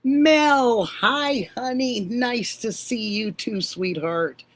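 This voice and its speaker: Slow-talking older woman greeting viewers. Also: fairly high pitch. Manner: affectionate, calls viewers honey and sweetheart. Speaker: livestream host. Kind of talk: casual live-stream chat greeting viewers.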